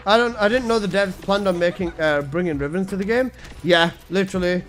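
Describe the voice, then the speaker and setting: Young man, high-voiced, joking streamer. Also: a little fast, a bit bright, soft background music. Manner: joking, crude, slangy, laughs at own jokes. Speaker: game streamer. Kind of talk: casual live-stream chat.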